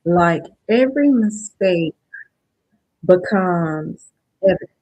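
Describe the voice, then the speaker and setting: Speaking slowly and expressively in a fairly low, mellow voice, a woman hosts a live-stream motivational workshop. She keeps it conversational, addressing viewers and repeatedly checking understanding with "right?". The recording is dry and rough.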